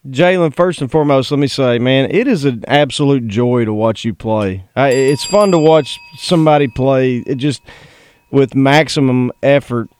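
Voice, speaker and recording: A man with a smooth, resonant voice speaks in a dry studio sound. He co-hosts sports radio, earnest and long-winded as he builds his question. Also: mid-range voice, moderate pace, a little mellow, no echo. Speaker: radio co-host.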